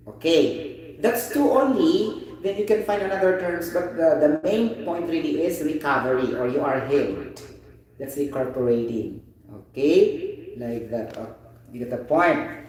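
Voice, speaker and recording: A Filipino man with a Filipino accent teaching an English vocabulary lesson, animated and often asking "you get the point?". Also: on the high side. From Philippines. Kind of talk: informal online vocabulary lesson. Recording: very echoey room, voice distant from the mic.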